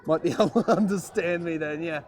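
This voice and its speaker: Brash aussie bloke, hammy and joking, a bit higher than usual, as a man hams it up. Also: brisk, darkish tone, a little hiss or hum, lightly acted. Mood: jokey.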